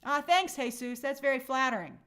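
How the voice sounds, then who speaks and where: A woman's voice: sits high, lively intonation, brisk, fairly bright tone. Chatty woman hosting a live stream. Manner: casual, thinking aloud with frequent fillers. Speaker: host. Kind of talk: live-stream chat reading viewer comments.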